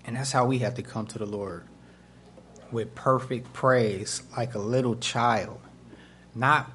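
A man preaching a sermon as pastor, telling stories and acting out the voices of the people in them. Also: medium pitch. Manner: animated, acts out voices in his stories. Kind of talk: storytelling sermon.

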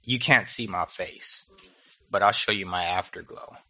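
A man voicing God with a calm, declaring manner. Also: deep voice, a little slow, voice pushed down, full character voice. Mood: solemn. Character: God, calm and authoritative male voice.

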